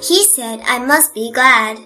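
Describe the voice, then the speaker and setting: A woman reads an audiobook in a fairly high, slow voice with a bright, forceful tone, soft music playing behind her. She voices an earnest, cheerful orphan girl of about eleven who chatters eagerly and sounds wide-eyed.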